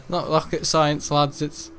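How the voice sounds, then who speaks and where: A man's voice: a little high, little pitch movement, takes it slowly, a bit bright, slight background noise. A man chatting casually while streaming a game, rambling and joking and laughing often. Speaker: gaming streamer. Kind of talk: casual livestream chat while gaming.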